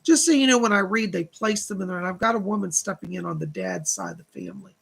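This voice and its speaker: Speaking fast and with great animation, a psychic medium streams live, reading viewer donations and passing on spirit messages through strings of "she said." His voice is high-pitched, creaky and breathy-edged.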